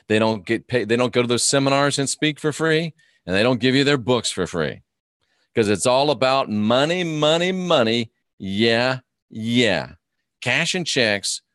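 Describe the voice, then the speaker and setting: A man's voice: lowish voice, a bit bright, dry recording, clean studio sound. A man hosting a live stream, ranting and mocking his opponents while reading viewer comments aloud. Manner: mocking, combative, reads chat comments aloud.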